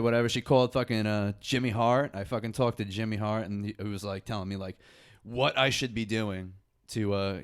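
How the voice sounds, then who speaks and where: A man's voice: lowish voice, fairly even intonation, fairly quick, clean tone. A man from Long Island, co-hosting a podcast and telling a long, profane, rambling story. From Long Island, New York. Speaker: podcast co-host. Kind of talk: casual chat.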